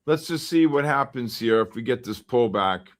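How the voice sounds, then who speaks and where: A man's voice: medium pitch, lively intonation, moderate pace. A man hosting a live futures trading stream, chatting casually and coaching viewers by name as the markets move. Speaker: futures trading livestream host.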